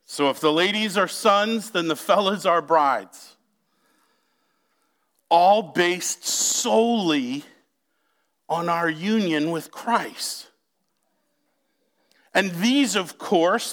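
In a high-pitched, expressive, somewhat bright voice, a man preaches to his congregation, speaking to them directly. His delivery is slow and emphatic, lingering on important words.

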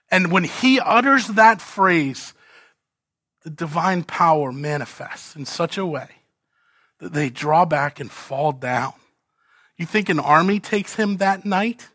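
A man preaching an expository sermon, asking rhetorical questions and swinging between loud emphasis and hushed lines. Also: high voice, lively intonation, slow pace, dry recording, studio quality. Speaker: pastor.

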